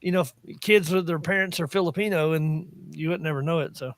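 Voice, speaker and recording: A man's voice: a little high, fairly quick, a crowd in the background. A man with a Southern Appalachian accent, telling stories in casual chat with a laugh never far off. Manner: chatty storyteller, laughs often.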